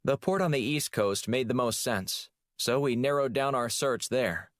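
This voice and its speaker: Precise young woman analyst, crisp and eager, voiced by a male reader. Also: medium pitch, lively intonation, moderate pace, dry recording, clean studio sound, pitched above the performer's own voice, natural voice. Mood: briefing.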